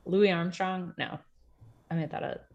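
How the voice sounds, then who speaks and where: A woman's voice: fairly low pitch, unhurried, creaky, dull audio. A woman co-hosting a podcast in casual chat, swearing freely, laughing often and acting out the voices of people she quotes. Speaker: podcast co-host.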